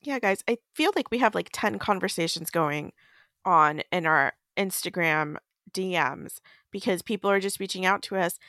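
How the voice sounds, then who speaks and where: A woman co-hosting a book podcast, with a gravelly, fry-edged voice recorded bone dry. She talks in a relaxed, chatty way and drops quick asides. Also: lowish voice, dry recording. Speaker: podcast co-host. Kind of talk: casual book chat.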